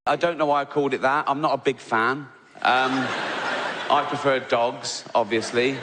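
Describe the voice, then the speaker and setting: A man's voice: medium pitch, steady tone, normal speed, a loud crowd, heavy background noise. Give me a male stand-up comic, rambling and sweary, recorded in a reverberant live hall. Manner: rambling, self-interrupting, sweary. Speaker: stand-up comedian. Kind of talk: stand-up comedy. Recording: reverberant live venue with loud ambience.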